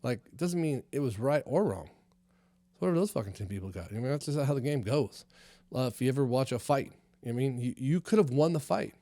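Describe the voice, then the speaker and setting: A man's voice: mid-range voice, lively intonation, fast talker, dark tone, no room sound. A man hosting a comedy podcast, rambling through the news with lots of fillers and swearing. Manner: rambling and profane, many fillers. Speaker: podcast host. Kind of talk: casual comedy podcast monologue.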